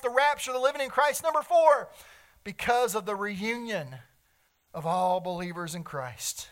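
Male pastor, earnest sermon delivery, swings between loud and soft, heartfelt. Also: very high-pitched. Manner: earnest, swells and drops in volume, emotional at times.

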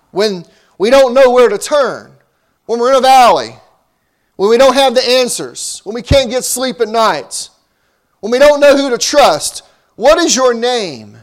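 A man preaching a sermon as pastor, with emphatic rising and falling delivery. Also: very high-pitched.

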